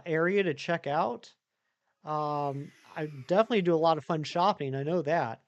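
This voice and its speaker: A man live-streaming a game, chatting casually with viewers in a rambling way with many fillers. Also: on the high side.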